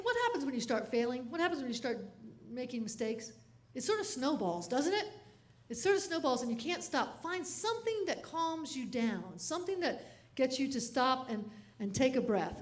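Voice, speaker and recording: A woman comedian delivers a keynote full of funny stories, laughing often as she goes. Her voice sits high and she tells each story in an animated way.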